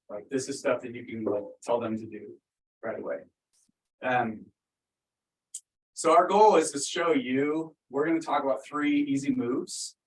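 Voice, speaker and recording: At a business workshop, a man with a medium-pitched voice gives an upbeat, conversational talk to a live audience, using plenty of fillers. He's far from the mic, and the room sounds echoey.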